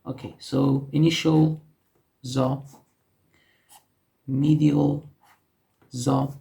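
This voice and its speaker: Slow gravelly man teaching letters. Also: mid-range voice, level tone, dark tone. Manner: slow, patient explaining with frequent self-corrections. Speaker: language teacher. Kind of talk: casual teaching while writing on a board.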